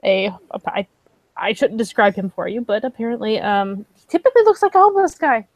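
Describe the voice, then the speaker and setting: A woman's voice: on the high side, animated, brisk, no room sound. A woman narrating her character in a tabletop role-play session, chatty and giggly.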